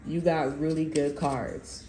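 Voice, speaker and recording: Slow and fairly even in intonation, a woman with a low-sitting voice does a relaxed tarot reading to camera. She's blunt, swears a lot, and leans heavily on fillers, while the space sounds echoey with faint background noise.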